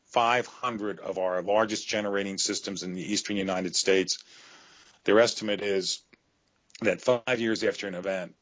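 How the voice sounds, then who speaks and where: A middle-aged man with a lowish voice talks as an interview guest. He lays out grave scenarios in an earnest, storytelling way. The audio is dull and lo-fi. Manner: earnest storytelling, growing emotional. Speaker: author guest.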